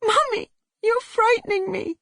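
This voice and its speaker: Tiny frightened girl begging her mummy, super high squeaky tearful voice. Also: a little slow, fairly bright tone, no echo, clean studio sound. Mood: terrified pleading. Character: frightened little girl pleading with her mother.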